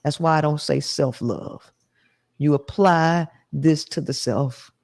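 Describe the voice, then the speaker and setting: A woman hosting a live call-in show, talking in a slow, emphatic, preachy way. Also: deep voice, a little mellow. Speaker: host.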